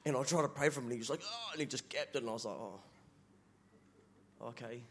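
A man's voice: mid-range voice, lively intonation, fast, slight background noise. A man from the congregation, telling a story in a chatty, laughing way. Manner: chatty, laughing, says brother a lot. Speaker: church member asking a question. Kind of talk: casual storytelling.

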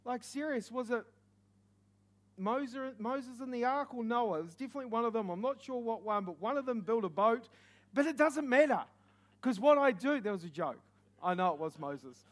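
A young man with a New Zealand accent, preaching with stories, animated and joking, sometimes shouting. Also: very high voice, moderate pace. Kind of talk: sermon with stories.

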